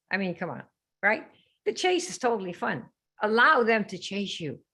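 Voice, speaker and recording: A brash woman hosting a live sales coaching stream, teasing and quizzing her viewers as she goes. Her voice sits at a middle pitch with a husky, breathy edge. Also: lively intonation, moderate pace, pushed and bright.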